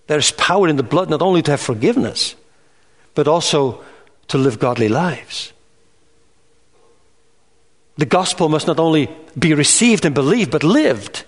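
A man delivers a church sermon in an earnest, measured way, his slightly raised voice climbing higher on emphatic points. The sound carries a long reverberant hall tail. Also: expressive. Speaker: preacher.

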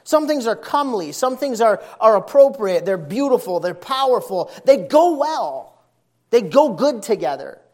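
A middle-aged man preaching a sermon, telling stories in a lively, folksy way and hammering points home with repetition. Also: high-pitched, normal speed. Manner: animated, folksy storytelling with emphatic repetition.

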